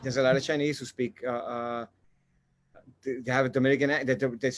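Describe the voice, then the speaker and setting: A man, a comedian, chatting on a video call, stumbling through restarts and dropping deadpan jokes. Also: mid-range voice, a little fast. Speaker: comedian guest. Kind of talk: casual comedic chat.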